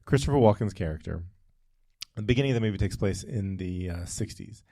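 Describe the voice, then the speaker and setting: A man's voice: on the low side, animated, fairly quick, warm tone, no echo, studio quality. A man co-hosting a casual podcast, telling a long story with frequent tangents and fillers. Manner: rambling, goes off on tangents, many fillers. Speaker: podcast co-host.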